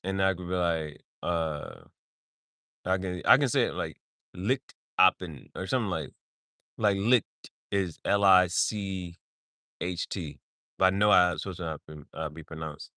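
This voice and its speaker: A man's voice: low-pitched, normal speed, bright, forceful tone, dry recording, clean studio sound. A man hosting a podcast in casual chat, playful and laughing often as he jokingly sounds out foreign words. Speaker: podcast host.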